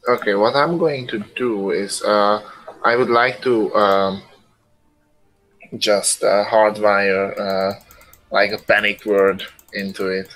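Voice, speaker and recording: A man playing a tabletop game, talking casually and haltingly with many fillers. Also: lowish voice, fairly even intonation, a bit bright, poor audio. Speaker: player.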